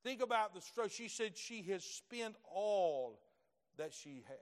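Man, middle-aged preacher, folksy sermon, swings from hushed to shouting, long reverb. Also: unhurried. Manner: swells from low asides to loud shouted peaks, folksy storytelling.

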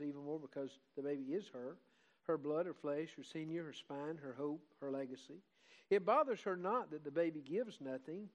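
An older man preaches in a fairly high voice. He talks in a heartfelt, homespun way and builds to fervent, louder emphasis when he reads aloud. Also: muffled recording. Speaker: pastor. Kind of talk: sermon.

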